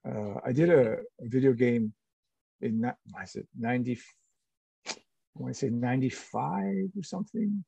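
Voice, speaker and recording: A middle-aged man, an actor being interviewed, talking casually and haltingly with many restarts and fillers. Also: mid-range voice, gravelly, dark tone, a little hiss or hum, rough recording. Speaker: actor guest.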